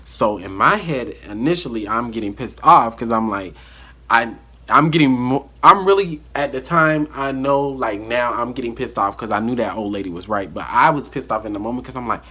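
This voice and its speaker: Bright, husky man telling a story. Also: mid-range voice, moderate pace. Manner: animated storyteller, acting out the quotes. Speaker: vlogger. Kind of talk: casual storytime.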